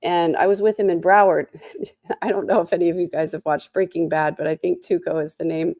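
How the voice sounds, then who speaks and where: A woman's voice: fairly low pitch, steady tone, fairly quick, a little mellow, no room sound, dull audio. A tired woman with a sore throat hosting a casual trial recap, full of snarky, sarcastic asides. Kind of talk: casual commentary.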